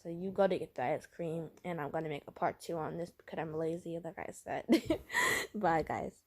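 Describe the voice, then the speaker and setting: A woman's voice: low voice, normal speed. A woman casually telling a role-play story to her listener, rambling with many fillers and giggles.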